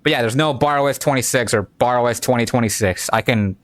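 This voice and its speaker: A man's voice: mid-range voice, fast, dry recording. A man giving casual gameplay commentary in a laid-back, rambling way full of fillers. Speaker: game commentator.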